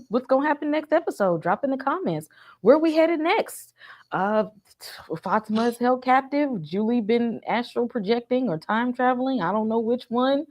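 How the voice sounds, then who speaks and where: Casual woman thanking live-stream viewers. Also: a little high. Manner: reads super chats, thanks viewers. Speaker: co-host of a live fan discussion.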